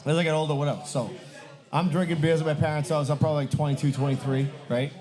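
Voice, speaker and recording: A man's voice: fairly high pitch, fairly even intonation, fast talker, darkish tone. A man, co-hosting a podcast live from a bar and telling loose, profane stories to friends. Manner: profane, joking, loose storyteller. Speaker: podcast co-host. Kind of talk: casual storytelling among friends.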